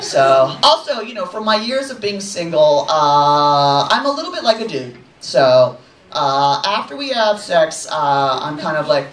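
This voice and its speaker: A woman's voice: low voice, sing-song, a little slow. A woman in her forties doing a brash, profane, self-mocking stand-up set on a comedy club stage. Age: 40s. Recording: echoey club mic from a distance, audience laughter. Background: crowd laughing.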